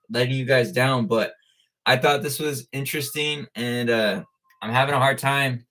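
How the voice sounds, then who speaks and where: Laid-back man with a low voice, chatting live. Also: fairly bright tone. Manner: laid-back, greets viewers by name, lots of "like" and "uh". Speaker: livestream host. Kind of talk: casual live-stream chat. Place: at school.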